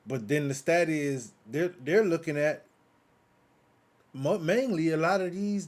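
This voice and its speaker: American guy ranting in an audio chat room, emphatic, repeats himself, lots of rhetorical questions, average pitch. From United States. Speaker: guest commentator. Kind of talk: heated political talk in a live audio chat room.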